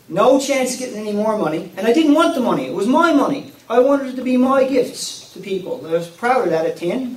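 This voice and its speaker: A middle-aged Newfoundland man spins a folksy tale in a fairly high voice, his words ringing back from the room around him. He sounds set back from the microphone, with a faint hiss beneath. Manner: folksy, warm-hearted, lively with laughs. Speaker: storyteller. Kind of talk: told personal story at a live event. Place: community hall at a Christmas event. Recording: echoey room, mic at a distance, faint noise.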